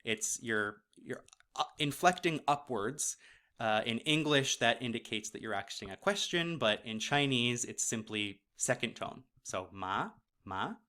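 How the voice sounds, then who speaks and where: A man teaching a course, explaining pronunciation casually and sounding each syllable out slowly. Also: medium pitch, bright, forceful tone. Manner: casual, with fillers and self-corrections. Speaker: course instructor. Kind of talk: slow explanatory lesson.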